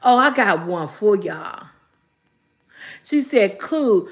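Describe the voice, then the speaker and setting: A woman hosts a relaxed live stream, reading her chat's riddles aloud, slowly repeating them and laughing a lot. Her voice is medium in pitch and expressive.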